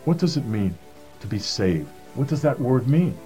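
A man's voice: medium pitch, big pitch swings, normal speed, mellow, faint music behind. A man telling a personal faith testimony in an earnest storytelling manner, acting out the voices of the people he quotes. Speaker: speaker giving a personal testimony.

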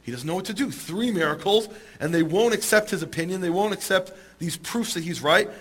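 A man telling a story in an animated, amused way to a listening audience. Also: high-pitched, brisk, breathy edge. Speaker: speaker. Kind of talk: storytelling talk.

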